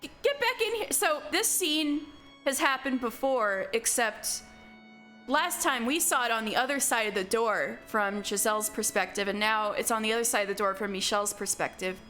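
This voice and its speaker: Chatty high-voiced woman streamer. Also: normal speed, bright, forceful tone, faint music behind. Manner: chatty, rambling, hesitant. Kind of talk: live-stream game commentary.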